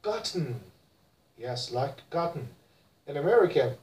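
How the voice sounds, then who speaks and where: Slow, roomy pronunciation teacher drilling words. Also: mid-range voice, expressive, darkish tone. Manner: repeats each word several times for drilling. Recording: roomy and distant from the mic.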